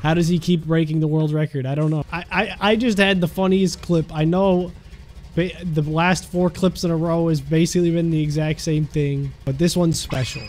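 A young man giving excitable gameplay commentary, laughing and talking to the characters on screen. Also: a little high, moderate pace, noisy background. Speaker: gaming YouTuber. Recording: music playing behind.

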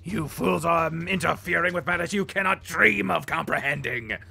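A man's voice: a little high, normal speed, creaky, sharp tone, husky, faint music behind, exaggerated voice. A man voicing a sinister cloaked mage. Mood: demanding. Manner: commanding, hissing with frustration.

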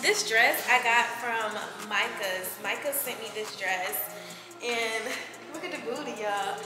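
A woman's voice: a little high, measured pace. Woman vlogger chatting away, gushy, laughs a lot, echoey room, music going. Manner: chatty, gushing, laughs often. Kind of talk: casual vlog chat. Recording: echoey room with long reverb and music behind.

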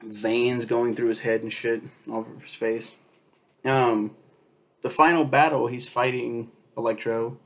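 A man reviewing a superhero film in a loose, rambling way, swearing often and filling pauses with um and like. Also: medium pitch, flat delivery. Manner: rambling, profane, lots of fillers and quoted asides.

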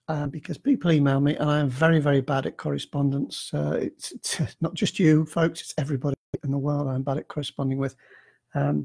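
A man with a gravelly, husky voice that sits a little high. He rambles in a casual, self-deprecating way, with plenty of fillers and restarts. He talks into a computer mic on a live stream. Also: a little mellow. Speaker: author answering reader emails.

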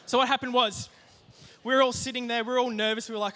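A young man giving a youth sermon, telling a personal story in a lively, joking way with plenty of asides. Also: high voice, brisk. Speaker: youth group speaker.

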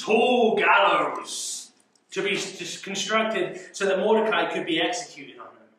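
A young man leading a youth Bible study, teaching in an animated way with rhetorical questions and frequent chuckles. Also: fairly high pitch. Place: church youth room. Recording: echoey room, mic far off.

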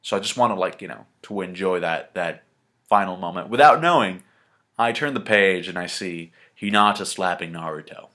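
A man giving a casual manga review, excited and slangy, swearing freely and talking the chapter through. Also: low voice, moderate pace.

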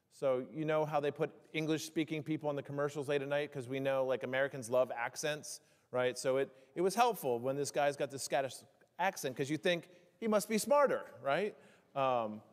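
A man preaching a sermon as pastor, chatty and joking, with fillers between points. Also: mid-range voice. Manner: jokey, conversational preaching with fillers. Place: church sanctuary. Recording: church hall with long reverb.

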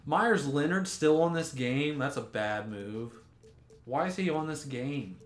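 A man's voice: on the high side, lively intonation, unhurried. A young man giving gameplay commentary, ranting in exasperation, swearing and restarting his sentences. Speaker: gaming YouTuber. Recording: roomy echo with faint music.

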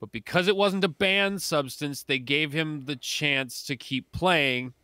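Bright, fired-up man ranting about sports. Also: fairly high pitch, unhurried, clear, resonant tone, no room sound. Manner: ranting, exasperated. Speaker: sports podcast co-host. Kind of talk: casual sports chat.

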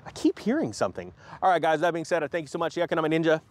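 A man hosting a casual crypto vlog in an animated, joking manner. His voice sits a little high and bounces up and down a lot as he talks. He likes to slip into mocking put-on voices when he makes fun of a company. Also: very fast. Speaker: host of a crypto finance channel.

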